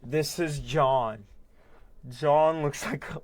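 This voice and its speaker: A man's voice: on the high side, steady tone, very slow, no echo. Man blurting reactions over a video. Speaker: streamer reacting to a crime documentary. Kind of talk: casual reaction commentary.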